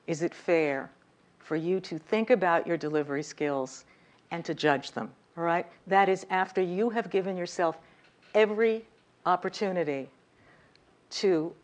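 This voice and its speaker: Emphatic woman teaching a workshop. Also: on the low side. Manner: emphatic, demonstrative, direct with audience. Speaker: communication coach. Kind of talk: workshop lecture. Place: lecture room.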